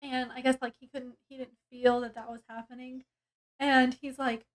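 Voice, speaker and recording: A woman's voice: high voice, little pitch movement, moderate pace. A woman reviewing a book, casually retelling its plot in a rambling way with many fillers and restarts.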